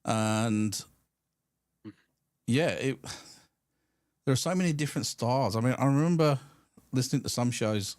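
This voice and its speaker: A man's voice: medium pitch, unhurried, long pauses, darkish tone, no echo. A man co-hosting a live stream podcast, chatting casually and telling stories, sometimes mimicking radio hosts and callers. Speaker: podcast co-host. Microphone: studio mic through a mixer.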